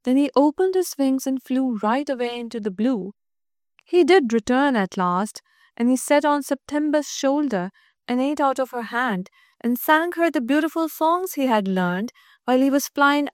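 A woman reads a storybook aloud in a gentle, measured voice. Her voice sits high, and the recording is dry and close with no room echo. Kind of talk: storybook reading.

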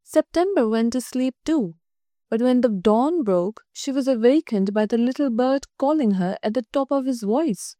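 A woman reads a storybook aloud in a gentle, measured voice. Her voice sits high, and the recording is dry and close with no room echo. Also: animated. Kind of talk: storybook reading.

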